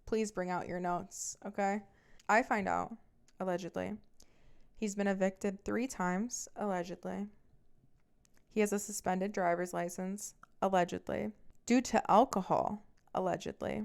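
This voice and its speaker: A woman's voice: medium pitch, steady tone, normal speed, vocal fry, darkish tone, clean tone. A young woman hosting a podcast, telling a personal story in a blunt, profane, emphatic way. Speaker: podcast host. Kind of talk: casual storytelling.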